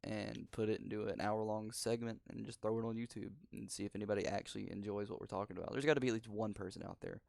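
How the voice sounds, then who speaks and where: A man's voice: on the low side, fairly even intonation, fast talker, gravelly, few pauses, darkish tone, no echo. A teenage boy hosting a casual podcast chat, rambling and laid-back. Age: teens. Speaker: podcast host. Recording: dry home recording over spotty internet.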